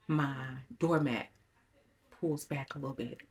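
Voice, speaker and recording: Speaking at a moderate pace, this middle-aged woman uses a low-pitched voice as she recounts a story to her vlog audience. She's shaken and trembling, yet the telling is dramatic and full of repeated phrases.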